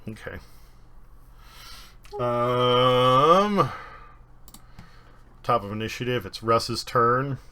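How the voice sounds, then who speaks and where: A man's voice: medium pitch, extremely slow, pauses often, bright, forceful tone, clean tone. A man running a tabletop game as game master, narrating combat vividly with many fillers.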